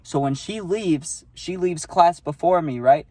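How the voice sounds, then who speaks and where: A man's voice: a little high, a little slow, darkish tone, no room sound. Profane young man rambling a storytime. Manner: profane, rambling, keeps asking "right?". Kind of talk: casual storytime.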